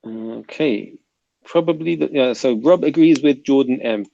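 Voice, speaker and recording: South London man reading chat, gravelly. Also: medium pitch, unhurried, dark tone, dull audio. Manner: reads viewer comments aloud, chatty and bantering. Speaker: livestream host reading chat. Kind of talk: casual livestream chat.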